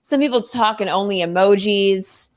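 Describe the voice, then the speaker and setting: A woman co-hosting a podcast, chatting casually and quick to react. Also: mid-range voice. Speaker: podcast co-host. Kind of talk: casual chat.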